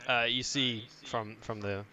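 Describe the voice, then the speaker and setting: A man's voice: mid-range voice, steady tone, a little slow, sharp tone. A young man narrating as game master of a tabletop game, describing scenes hesitantly with many restarts.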